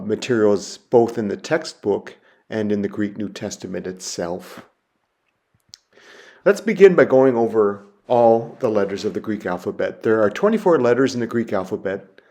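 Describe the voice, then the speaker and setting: A man giving a recorded lecture, walking through letters slowly and methodically, repeating each example word. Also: on the low side, warm tone. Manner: slow, methodical, spelling sounds out and repeating words. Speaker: teacher.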